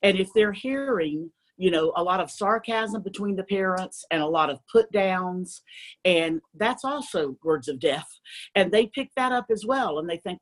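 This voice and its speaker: A woman's voice: mid-range voice, lively intonation, normal speed, low-quality recording. Woman giving earnest parenting advice. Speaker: parenting guest. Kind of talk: faith-based parenting talk.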